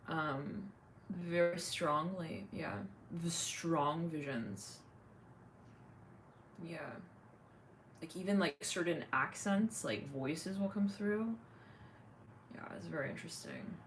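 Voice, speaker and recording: Woman host for casual livestream chat, rambling and talkative, lowish but animated voice. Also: a little hiss or hum. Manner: rambling, chatty, many fillers and laughs.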